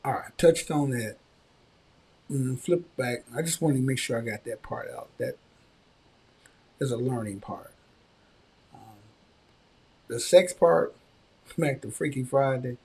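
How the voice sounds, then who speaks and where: Husky gravelly-voiced man telling a story. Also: medium pitch, takes it slowly, long pauses. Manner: conversational, animated when quoting others. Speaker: podcast host. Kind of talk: casual storytelling and advice talk.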